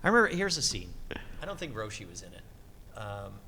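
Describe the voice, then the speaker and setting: A middle-aged man, a voice actor telling stories at a convention interview, animated and acting out quotes with lively swings in pitch. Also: a little fast, in a large hall, slight background noise. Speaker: voice actor guest.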